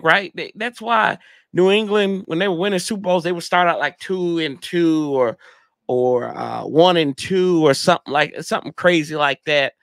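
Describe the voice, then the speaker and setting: A man's voice: sits high, fairly bright tone, no room sound. A man hosting a casual sports fan livestream, rambling in slangy talk and reading chat comments aloud. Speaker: podcast host reading live chat.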